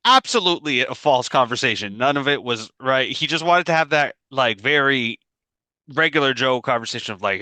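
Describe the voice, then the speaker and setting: Rambling through an anecdote, a man co-hosting a casual podcast laughs readily, his mid-range voice bright and forceful. The recording is dry and close through his video-call mic, without any room sound.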